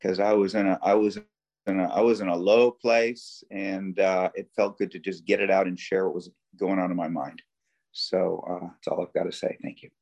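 A man sharing earnestly and haltingly at a recovery meeting over a video call. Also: low voice, little pitch movement, vocal fry, a little mellow.

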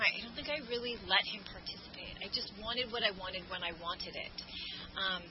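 A woman speaking candidly and self-deprecatingly at a twelve-step meeting, rambling with many fillers. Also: mid-range voice. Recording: muffled lo-fi recording with background noise.

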